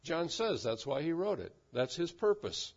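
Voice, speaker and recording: A man's voice: a little high, big pitch swings, moderate pace, creaky. A pastor giving a sermon, talking conversationally and asking his congregation questions. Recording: dull lo-fi sound.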